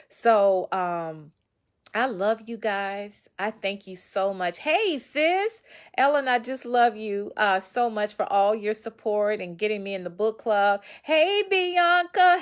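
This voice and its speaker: A woman author giving casual, preachy motivational advice straight to her viewers. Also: fairly high pitch. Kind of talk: casual motivational talk to camera.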